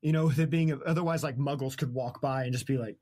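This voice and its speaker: Podcast host guy retelling a book, jokes around a lot, laughs, trails off mid-thought, mid-pitched. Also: fairly even intonation, quick pace, mellow, slight background noise. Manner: jokey, laughs often, trails off mid-sentence. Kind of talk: casual chat retelling a book.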